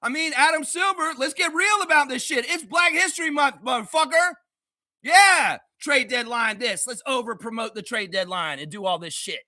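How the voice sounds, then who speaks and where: A man's voice: extremely high pitch, moderate pace, pushed and bright, no room sound, studio quality. A man hosting a sports fan livestream, ranting heatedly and sarcastically with a lot of swearing, then easing into laughing, loose chat. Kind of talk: profane ranting fan commentary.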